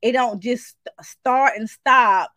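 Animated woman telling a dream story. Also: fairly high pitch, slow, no room sound. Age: adult, married mother. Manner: animated storytelling, shifts into acted quotes, informal speech. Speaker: Christian speaker sharing a prophetic dream. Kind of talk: casual spoken message to viewers.

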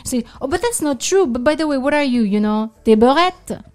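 A woman's voice: high-pitched, fast. A woman from France, a native French speaker with a French accent, telling a story in casual chat. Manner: animated storytelling.

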